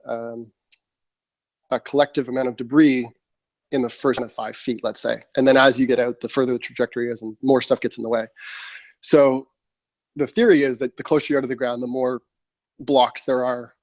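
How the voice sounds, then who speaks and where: A medium-pitched man in his thirties speaks fairly quickly but pauses often, with no echo on the slightly muffled, dry studio mic. As a military veteran guest on a podcast, he tells a long, casual story, acting out his own lines with frequent fillers.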